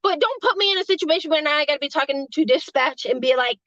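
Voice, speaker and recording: High-voiced woman telling a rambling story. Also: expressive, quick pace, fairly bright tone, no room sound, lo-fi sound. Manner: rambling, swears freely, laughs between lines. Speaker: hotel front desk clerk. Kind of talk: casual storytelling.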